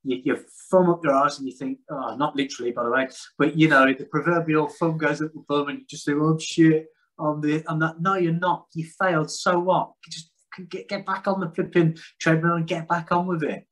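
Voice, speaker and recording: A man's voice: fairly high pitch, steady tone, brisk, a bit bright, low-quality recording. Frank rambling man. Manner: rambling, frank, self-deprecating. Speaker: podcast guest. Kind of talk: casual conversation.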